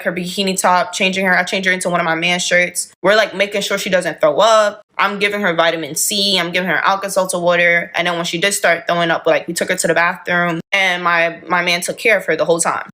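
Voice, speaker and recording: A young woman in a casual storytime vlog, retelling events in an animated, heated way and using plenty of slang. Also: fairly low pitch. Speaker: vlogger.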